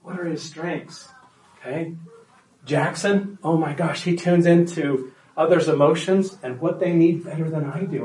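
A man's voice: fairly high pitch, darkish tone, roomy sound, far from the mic, rough recording. A man presenting a workshop to parents, talking conversationally and emphatically and often checking in with the room.

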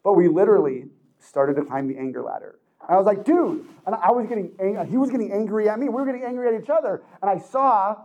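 Man, high voice, mellow tone, animated motivational talk, acts out voices, laughs a lot. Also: quick pace, highs cut off. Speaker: speaker addressing teens. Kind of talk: motivational talk to a live audience.

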